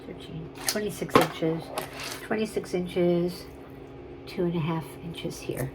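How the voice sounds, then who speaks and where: Showing off and selling vintage jewelry on camera, a woman rambles casually and gushes over every piece. Her voice is fairly low, slow and full of pauses, and the recording is very noisy.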